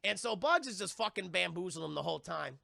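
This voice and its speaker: A man giving a casual live-stream spoiler review of a film, profane and animated, with many restarts. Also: high-pitched, quick pace, vocal fry, no echo, clean studio sound.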